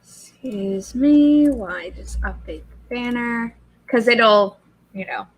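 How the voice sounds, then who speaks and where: A woman's voice: on the high side, animated, slow, rough recording. A woman hosting a livestream, chatting casually and rambling from one story to the next. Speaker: livestream host. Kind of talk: casual chat.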